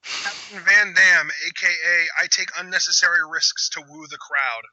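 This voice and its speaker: A man's voice: sits high, normal speed, bright, forceful tone, dry recording, highs cut off. A young man hosting a live reaction chat, exclaiming, groaning and arguing with his co-host. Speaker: channel host.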